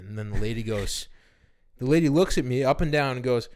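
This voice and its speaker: A man's voice: mid-range voice, fairly quick, darkish tone, clean tone. A young man co-hosting a podcast, telling stories in casual chat and laughing often. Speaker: podcast co-host.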